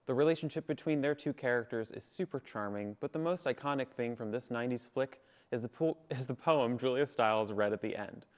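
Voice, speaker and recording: A young man co-hosting a student video show, enthusiastic and animated. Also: medium pitch, brisk, hardly any pauses. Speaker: co-host. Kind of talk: scripted campus video hosting.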